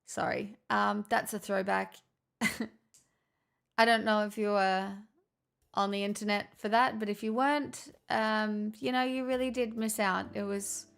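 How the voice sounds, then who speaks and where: A woman live streamer chatting casually with her viewers in a put-on transatlantic accent, with theatrical, drawn-out delivery and plenty of swearing. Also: medium pitch, steady tone, creaky, fairly bright tone, clean tone.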